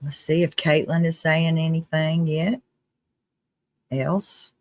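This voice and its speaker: A live-stream host giving casual commentary in a chatty, earnest way, with restarts and quick laughs. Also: mid-range voice, flat delivery, no echo. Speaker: livestream host.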